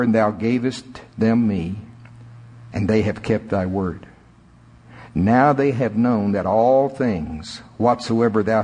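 A man preaching a sermon, with sudden climbs in pitch and slow, drawn-out emphasis. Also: darkish tone, slightly rough. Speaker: pastor. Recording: echoey hall reverb.

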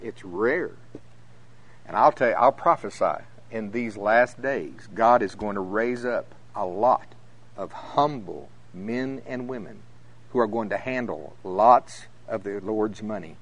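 A middle-aged man preaching a sermon to a congregation, telling stories and acting out the voices of the people in them. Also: medium pitch. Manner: animated storytelling, acting out voices, laughing often.

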